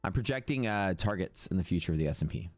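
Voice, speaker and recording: Deep-voiced Texan man chatting on a live stream. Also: lively intonation, fast talker, no echo, faint music behind. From Texas. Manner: rambling, chatty, reads viewer comments aloud. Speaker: day trading streamer. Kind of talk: casual live-stream chat.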